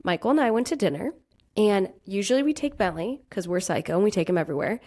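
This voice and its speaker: A woman's voice: mid-range voice, fast. A woman in her thirties co-hosting a casual chat, telling stories animatedly and acting out what people said. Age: 30s. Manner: animated storytelling, acts out quoted dialogue. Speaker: podcast co-host.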